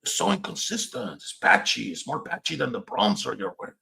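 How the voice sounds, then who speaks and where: Gravelly put-on gangster voice, a man doing impressions. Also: medium pitch, big pitch swings, a little fast, pushed and bright, heavily acted, low-quality recording. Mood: mocking. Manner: mocking put-on accent, heckling.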